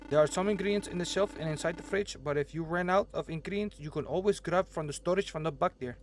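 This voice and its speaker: A formal, stern elderly restaurant owner explains the kitchen in an exaggerated put-on accent, as a man reads the game's dialogue aloud. The voice sits a little high for a man. A faint hiss runs behind it. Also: fast, natural voice. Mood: instructive. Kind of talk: reading game dialogue aloud.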